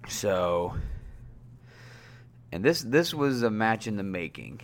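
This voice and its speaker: Low, slow-talking man reviewing wrestling. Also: very animated. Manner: rambling, filler-heavy, gets worked up with high-pitched outbursts. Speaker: podcast host.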